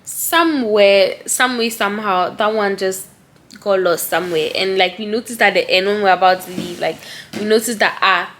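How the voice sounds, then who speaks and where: A woman's voice: mid-range voice, moderate pace, a bit bright, slight background noise. Young woman vlogger, chatty and heartfelt, filler-heavy, talking into a handheld phone. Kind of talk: casual vlog talk to camera. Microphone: handheld phone camera.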